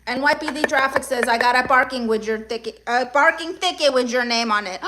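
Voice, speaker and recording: A woman's voice: sits high, fairly quick, hardly any pauses, bright, forceful tone, slight background noise. A woman with Spanish-accented English reading out a livestream chat, sassy and mock-demanding as she greets viewers by name. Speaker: livestream comedian.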